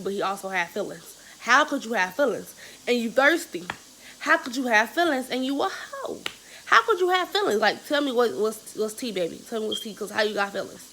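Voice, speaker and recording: A young woman vlogger telling a story in a casual, animated, slangy and profane way. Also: mid-range voice, brisk, a little hiss or hum, low-quality recording.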